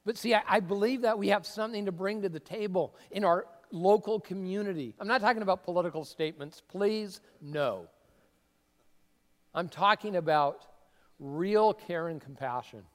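A man preaching a sermon as a pastor, conversational and emphatic, with sudden bursts of excitement. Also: high voice, moderate pace. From Seattle area. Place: church sanctuary. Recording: long reverb of a church hall.

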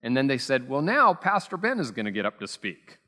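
A pastor with a mid-range, sharp voice preaches a sermon, very animated and brisk. His storytelling is conversational and self-deprecating, heavy on fillers, and the church sanctuary lends a long reverb.

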